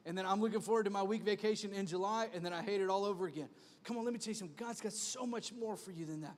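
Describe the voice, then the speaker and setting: A man in his thirties preaching a sermon as pastor, conversational and animated, with a repeated refrain. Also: high-pitched. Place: large church hall. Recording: long hall reverb.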